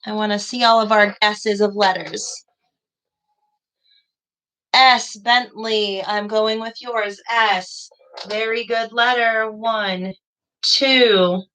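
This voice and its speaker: A young woman teaching a second grade class over a live stream, praising students warmly and spelling things out slowly. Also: medium pitch, fairly even intonation. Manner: encouraging, slow and deliberate with children.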